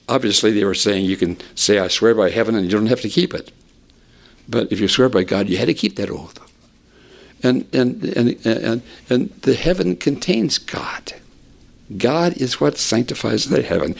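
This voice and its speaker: A man preaching a sermon with animated delivery, climbing in pitch for emphasis and dropping to a hush, often repeating words as he restarts. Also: creaky.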